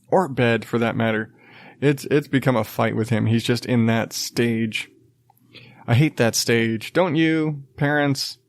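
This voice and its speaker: Rambling thirties dad, mid-pitch, dry sound. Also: male voice, dry recording. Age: 30s. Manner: rambling and self-deprecating, laughs and swears often. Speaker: podcast host. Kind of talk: casual solo chat.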